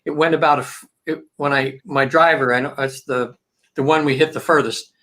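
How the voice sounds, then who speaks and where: Man in his fifties or older, bright, forceful voice, pitched a bit high, chatty storyteller. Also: steady tone, a little fast. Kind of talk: panel discussion.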